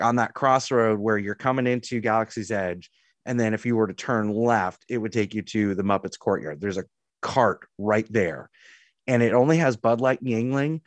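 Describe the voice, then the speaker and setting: A man's voice: lowish voice, no room sound. Rambling man co-hosting a podcast. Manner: mock-indignant, rambling storyteller. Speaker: podcast co-host. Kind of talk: casual chat.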